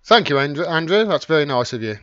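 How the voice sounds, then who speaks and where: A slightly high, sing-song, quick and a bit bright male voice comes from a middle-aged man with a Wolverhampton (Black Country) accent, from the West Midlands, England. Hosting a casual YouTube live stream, he rambles and chats, reading out and thanking commenters by name. The recording is muffled, with no room sound.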